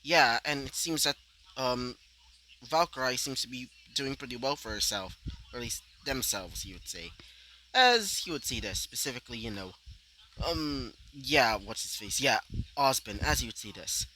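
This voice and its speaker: Casual fan-fiction narrator, male, rambling with asides, bright tone. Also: medium pitch, animated, normal speed, a little hiss or hum, low-quality recording. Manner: rambling, filler-heavy, ranting asides.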